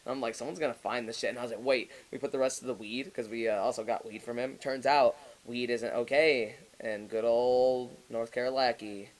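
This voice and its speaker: A man's voice: mid-range voice, steady tone, fairly quick, few pauses, poor audio. A young man, a podcast co-host, telling a long story in casual, profane chat and often laughing as he goes.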